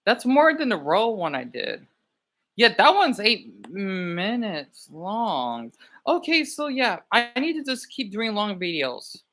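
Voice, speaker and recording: Late at night, a young man streams from his bed at home, chatting casually as he checks his videos. His high-pitched voice is sing-song, slow, bright and forceful, and he rambles, talks to himself and often cuts himself off mid-thought.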